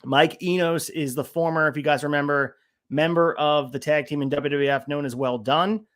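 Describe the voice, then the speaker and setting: A man's voice: a little high, fairly even intonation, moderate pace, fairly bright tone. Man talking wrestling on a podcast. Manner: methodical, walks through notes on each segment. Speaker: podcast co-host. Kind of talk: casual podcast chat.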